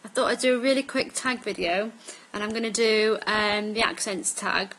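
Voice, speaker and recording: A woman's voice: medium pitch, a bit bright, rough recording. A woman in her twenties from Staffordshire, with a mixed northern English accent, chatting casually through a word list in an accent tag video with many ums. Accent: northern English mix. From Staffordshire, England. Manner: unhurried, with frequent ums. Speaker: vlogger.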